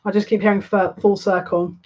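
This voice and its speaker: A woman giving a live tarot card reading, musing aloud in a halting way and repeating words as she searches for meaning. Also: mid-range voice, little pitch movement, a little mellow, highs cut off. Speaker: psychic tarot reader.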